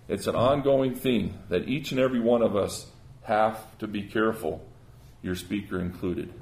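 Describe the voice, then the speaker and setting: A man's voice: mid-range voice, darkish tone, roomy sound. A man preaching a sermon, earnest and conversational, often restarting his words.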